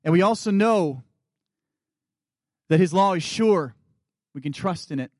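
Male guest preacher, 30s, earnest sermon delivery, a bit high in pitch, dry close-miked sound. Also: expressive, a little slow, dry recording. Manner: earnest preaching, dropping to soft quiet asides. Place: church sanctuary.

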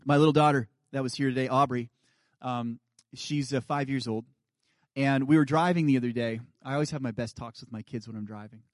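A man in his thirties preaching a sermon as guest pastor, earnest, often dropping to soft quiet asides. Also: medium pitch, brisk, dry recording, clean studio sound. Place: church sanctuary.

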